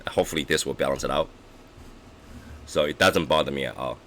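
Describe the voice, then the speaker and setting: A hoarse man hosting a casual cigar chat stream, rambling with halting restarts and clearing his throat often. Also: a bass voice, pushed and bright, slight background noise. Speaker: livestream host reviewing cigars.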